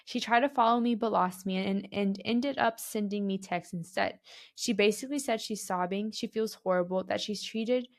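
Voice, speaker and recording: A woman's voice: medium pitch, moderate pace. A young woman co-hosting a casual podcast, reading a story aloud and then chatting about it with a lot of "like" and some disbelief. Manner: chatty, fillers like "like", reacts with disbelief. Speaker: podcast co-host.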